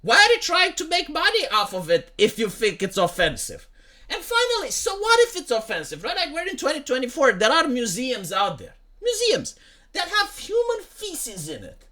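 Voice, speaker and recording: A man's voice: very high voice, huge pitch swings, normal speed, pushed and bright. A young man ranting in profane, heated commentary, often repeating "like" and "right?". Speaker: commentary streamer.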